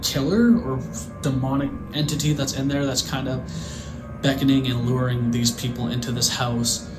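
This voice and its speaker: Twenties guy hosting a horror vlog: amped-up, foul-mouthed chatter at an average pitch over quiet background music. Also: moderate pace. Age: 20s. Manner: excitable, swears freely, lots of "like". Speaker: horror channel host. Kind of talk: casual movie review vlog.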